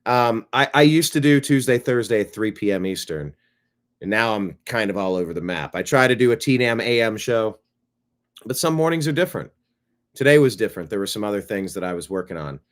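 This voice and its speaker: Relaxed man hosting a casual stream. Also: on the low side, brisk. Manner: relaxed, rambling, thinking aloud. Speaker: show host. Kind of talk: casual live-stream chat.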